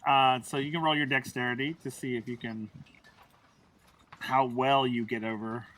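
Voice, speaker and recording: A man's voice: medium pitch, steady tone, normal speed, fairly bright tone, recorded from a distance. A man narrating a tabletop game as game master, chatty and breaking into laughter often.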